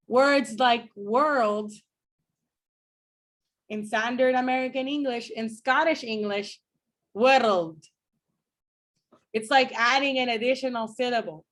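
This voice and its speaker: Slow-spoken woman phonetics professor. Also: fairly high pitch, fairly bright tone. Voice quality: explanatory, demonstrates speech sounds slowly. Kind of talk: classroom lecture. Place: classroom with students.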